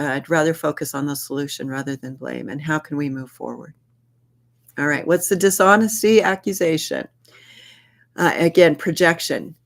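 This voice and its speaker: A man's voice: on the high side, gravelly, fairly bright tone. A man leading a workplace training session, speaking earnestly and acting out sample dialogues. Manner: earnest, repeats key phrases, acts out sample dialogues. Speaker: workshop facilitator.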